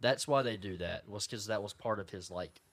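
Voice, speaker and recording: A man's voice: fairly low pitch, fairly quick, fairly bright tone. A man co-hosting a podcast in casual chat, meandering along with many fillers and restarts. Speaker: podcast co-host.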